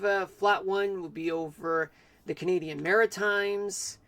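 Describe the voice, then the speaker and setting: A man streaming live, giving an amateur weather forecast in a halting way with many fillers and restarts. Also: sits high, fairly bright tone.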